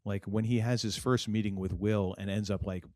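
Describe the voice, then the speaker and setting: A man's voice: on the low side, fairly even intonation, normal speed, darkish tone, dry recording, clean studio sound. A middle-aged man from New England, co-hosting a podcast in casual, rambling chat full of fillers and restarts. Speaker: podcast co-host.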